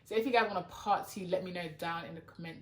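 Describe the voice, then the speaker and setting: Speaking fast in a lowish voice, a young London woman chats to the camera as a YouTuber, exasperated and talkative and saying "like" constantly. The room gives her voice a noticeable echo.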